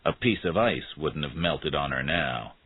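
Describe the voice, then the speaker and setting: A deep male narrator with a husky, lively voice reads a story at an even, measured pace. The sound is dry and narrow, like a phone line. He moves steadily from one sentence to the next. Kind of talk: scripted narration of a graded reader.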